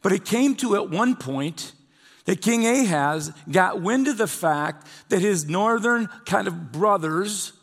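A man with a fairly high voice preaches a sermon, retelling an old scripture story in a loose, conversational way. His voice rings out with a long hall reverb, as in a church sanctuary. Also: expressive, slow, creaky, a bit bright. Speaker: pastor.

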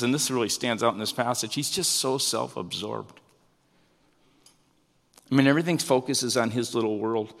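A man preaching a sermon, animated, his pitch rising and falling with emphasis. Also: big-room sound. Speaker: pastor.

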